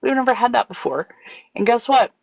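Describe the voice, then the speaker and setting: A woman's voice: on the high side, lively intonation, fairly quick, vocal fry. A woman talks earnestly and chattily about a bill for patients, leaning on fillers as she explains. Her audio is dull and lo-fi. It sounds dry, with no room echo. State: hiccups. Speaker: pharmacist advocate. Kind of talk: casual advocacy chat.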